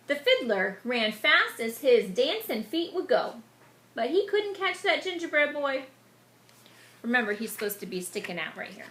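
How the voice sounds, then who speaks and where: A woman reading a picture book aloud to children, animated and stopping to explain words to them. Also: sits high, normal speed. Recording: echoey room.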